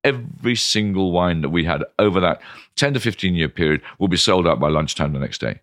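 A man speaks as a wine expert in an interview, with a low voice that often leaps up with enthusiasm. His delivery is animated and theatrical, and he acts out other people as he tells his stories. The sound is dry and close, with no room echo. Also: a little fast. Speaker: wine expert and former TV presenter. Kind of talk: interview storytelling.

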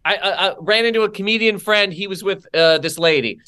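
A man's voice: sits high, brisk, clear, resonant tone. A man appearing as a guest comedian on a podcast, riffing and telling stories. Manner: riffing, lively delivery.

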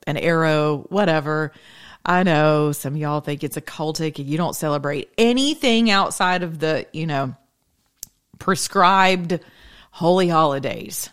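A woman giving a rambling, chatty faith talk, laughing often. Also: low-pitched. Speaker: faith vlogger.

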